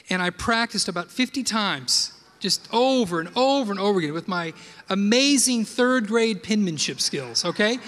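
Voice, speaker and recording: Man, preacher, high pitch, animated storytelling, long hall reverb. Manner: animated storyteller, rhetorical asides. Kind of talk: sermon with personal storytelling.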